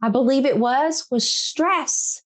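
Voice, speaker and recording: Taking her time in a high voice, a middle-aged podcast host carries an emotional interview chat with earnest, emphatic talk, laughing often and repeating herself to stress points.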